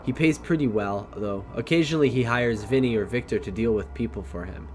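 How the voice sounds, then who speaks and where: A man reading the lines of a tough young female gang member from a game, in a flat read-aloud delivery. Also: medium pitch, fairly quick, lightly acted. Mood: casual bragging.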